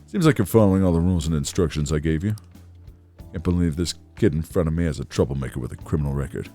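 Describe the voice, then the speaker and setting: Man putting on a gruff older café boss, low and grave, lecturing a young trainee; let-up faint music behind. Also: warm tone. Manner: low, measured, dryly critical lecturing. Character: gruff middle-aged male café owner, stern mentor. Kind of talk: reading game dialogue aloud in character.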